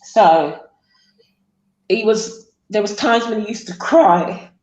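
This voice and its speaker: A middle-aged woman, a guest on a talk show, tells her son's story haltingly with many fillers. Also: medium pitch, darkish tone, dull audio. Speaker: guest, mother of a man with sickle cell. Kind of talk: emotional interview storytelling. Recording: roomy echo.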